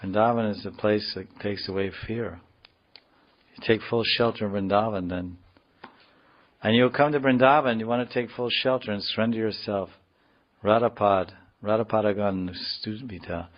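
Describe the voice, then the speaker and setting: A man giving a scripture class, explaining words slowly in a digressive, joking way, heard in a dull lo-fi recording. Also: on the low side. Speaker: spiritual teacher.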